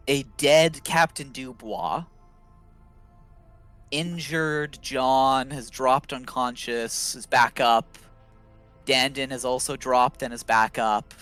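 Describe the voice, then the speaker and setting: Man, game master, slow halting narration, faint music behind. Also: mid-range voice, steady tone, a bit bright, clean tone.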